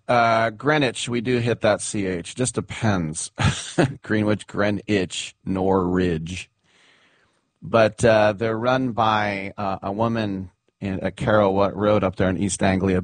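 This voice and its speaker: A man's voice: sits low, dry recording. A man hosting a sports radio talk show, telling rambling stories in a chatty way and laughing at them.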